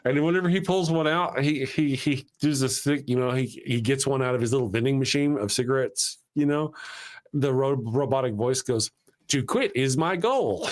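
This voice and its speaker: A man's voice: mid-range voice, fairly even intonation, fairly quick. A man hosting a casual live chat, eagerly retelling movie scenes in a loose, rambling way. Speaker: show host.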